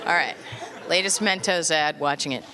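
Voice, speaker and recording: A woman comedian performing a stand-up set at a live venue, wry and self-deprecating, with quick asides to the audience. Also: low voice. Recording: live crowd and noise. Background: laughing, applauding audience.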